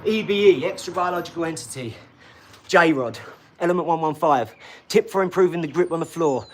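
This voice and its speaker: A man's voice: a little high, animated, a little fast. A middle-aged British man hosting a casual boxing livestream, rambling bluntly, swearing freely and talking to his viewers. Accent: British English.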